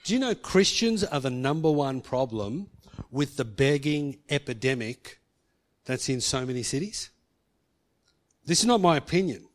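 A man with a slightly high voice preaches a sermon to a congregation. He tells a personal story and stops to ask the listeners questions.

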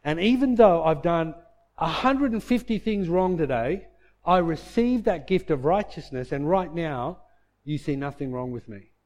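A man pastor preaching a sermon, asking the congregation questions and answering them himself, and dropping to a soft, low voice for heartfelt points. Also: animated, measured pace.

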